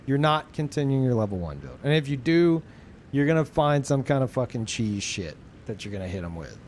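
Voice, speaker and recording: A man's voice: medium pitch, big pitch swings, fairly quick, darkish tone, slight background noise. A young man streaming a game, chatting casually with viewers in a laid-back, profane, rambling way. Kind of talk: casual chat with stream viewers while gaming.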